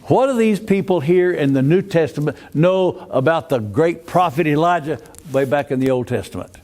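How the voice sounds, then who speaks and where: A man's voice: fairly high pitch, expressive, moderate pace, darkish tone. An older man teaching a Sunday school Bible class in a folksy way, often asking the class questions and restarting his phrases.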